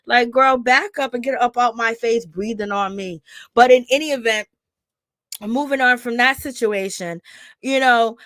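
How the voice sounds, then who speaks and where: A woman's voice: on the high side, normal speed, no room sound, studio quality. A woman giving casual, sassy gossip commentary on a reality show, acting out the cast in quoted voices. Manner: animated, sassy, retells scenes in quoted voices.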